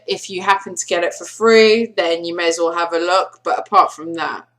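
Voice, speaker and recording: A woman giving a casual film review vlog, animated and sarcastic, leaning hard on her emphasis. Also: on the low side.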